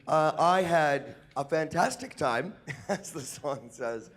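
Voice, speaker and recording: A man's voice: fairly high pitch, animated, slow, fairly bright tone. A man talking to a convention panel audience, emotional and laughing, chatting with the crowd. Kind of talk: live convention panel talk.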